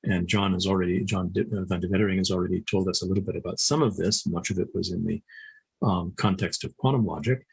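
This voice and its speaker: A middle-aged man delivers a conference lecture in a low, slightly husky voice. He speaks in a measured way, pausing often on fillers and restarting phrases. The sound is dry and close. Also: fairly even intonation, no echo, rough recording. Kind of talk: academic lecture.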